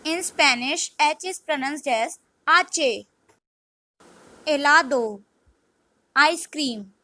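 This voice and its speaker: Brief: woman tutor, high voice, very slow deliberate reading, dry close sound. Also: bright, forceful tone, no echo, poor audio. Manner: measured, word-by-word reading. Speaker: language teacher. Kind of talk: scripted vocabulary lesson.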